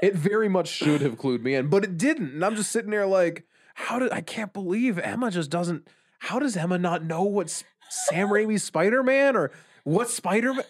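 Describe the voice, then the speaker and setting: A man's voice: high-pitched, animated, moderate pace. A man co-hosting a podcast, telling jokey stories and playing mock-indignant in casual chat. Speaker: podcast co-host.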